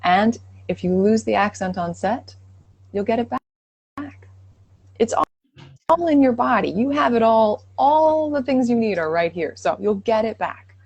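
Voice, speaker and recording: A woman's voice: on the high side, lively intonation, measured pace, a little mellow, husky, no echo. A woman co-hosting a live accent Q&A, speaking in an encouraging, reassuring way. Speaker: co-host accent coach. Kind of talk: casual livestream advice.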